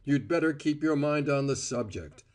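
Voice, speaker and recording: A man reading an audiobook voices an imploring, smooth-talking man. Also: fairly high pitch, moderate pace, pitched above the performer's own voice, close to an everyday voice. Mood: pleading. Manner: imploring, pressing. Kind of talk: audiobook character voice.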